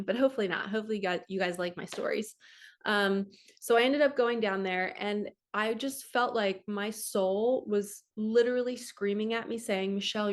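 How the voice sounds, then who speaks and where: A woman speaking as a spiritual coach, telling a personal story straight to her viewers in a loose, chatty way. She is animated and raises her voice when she acts out her own thoughts. She is an ordinary talker with a mid-range voice. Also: mid-range voice.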